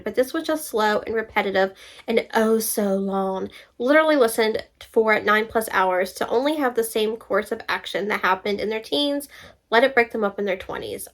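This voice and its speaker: A young woman book vlogger reading reviews aloud and talking back to them in an animated, exasperated way. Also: mid-range voice. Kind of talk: casual reaction vlog, reading reviews aloud.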